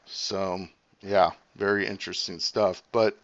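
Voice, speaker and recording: Low-voiced man rambling on a livestream. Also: level tone, a bit bright, highs cut off. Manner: rambling, thinks aloud with many fillers; talks fast while reading comments. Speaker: livestream host. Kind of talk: casual livestream commentary.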